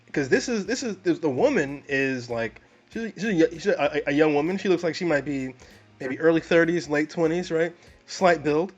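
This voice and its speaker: A man co-hosting a casual movie review podcast, animated, restarting his sentences often. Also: on the high side, normal speed, muffled recording, soft background music. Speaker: podcast co-host.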